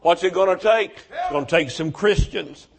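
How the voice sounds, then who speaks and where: A man's voice: high-pitched, lively intonation, normal speed, creaky, a crowd in the background. A man preaching a revival sermon, telling stories with fervent conviction.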